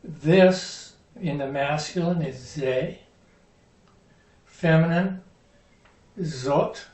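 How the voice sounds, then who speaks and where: A man's voice: a little high, a little mellow. A man teaching a Hebrew vocabulary lesson, patiently giving each word, its meaning and where the stress falls. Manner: slow, patient, spells out words and stresses. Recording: roomy sound from a distant mic.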